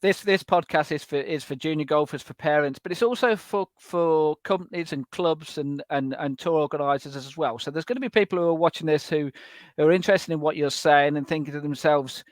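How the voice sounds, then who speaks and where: A podcast host with a fairly high voice builds his questions slowly, restarting and repeating words along the way. His sound is dry and close, with no room echo. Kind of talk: interview questions.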